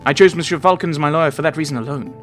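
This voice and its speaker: Man doing a smooth sly fox detective, theatrical and formal, faint music underneath. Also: fairly high pitch, rapid-fire, voice pushed up, close to an everyday voice. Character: sly male fox private investigator client.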